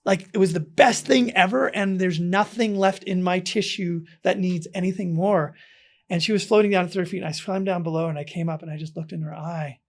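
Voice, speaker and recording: A man's voice: sits high, fairly even intonation, fairly quick. Earnest, light-voiced man telling a story. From South Africa. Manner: earnest, dropping to hushed tones. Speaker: podcast guest. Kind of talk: personal storytelling in an interview.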